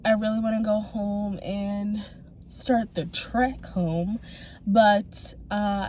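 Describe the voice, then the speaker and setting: A young woman chats to her camera through her day, rambling easily with plenty of fillers and quick laughs. Her voice sits at an everyday middle pitch, and a faint wash of background noise runs under the recording. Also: a little mellow, low-quality recording. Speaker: vlogger. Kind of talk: casual vlog chat. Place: home, then out in the city.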